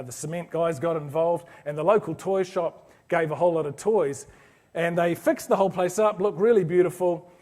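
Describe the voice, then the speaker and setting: A man's voice: a little high, darkish tone. Earnest man telling a story to an audience. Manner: earnest, anecdotal, frequent restarts. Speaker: business speaker presenting to an orthodontics audience. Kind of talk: motivational talk with storytelling. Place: presentation to a live audience.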